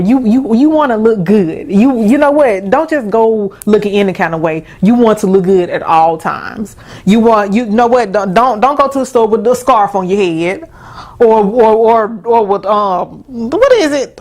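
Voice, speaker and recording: A woman hosting a casual advice talk, emphatic and folksy, often stumbling over restarts. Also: medium pitch. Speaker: host.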